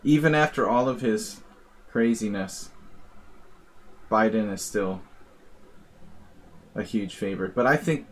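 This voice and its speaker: Chess streamer guy, kinda low voice, rambling and wry, chuckles a lot. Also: measured pace, pauses often, slight background noise. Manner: wry, rambling, laughs at own jokes. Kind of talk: casual live-stream chat.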